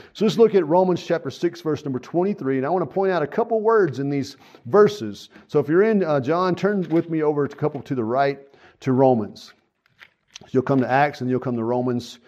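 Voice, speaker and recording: A man's voice: on the high side, darkish tone. Earnest folksy man preaching a sermon. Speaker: pastor. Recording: dull lo-fi sound.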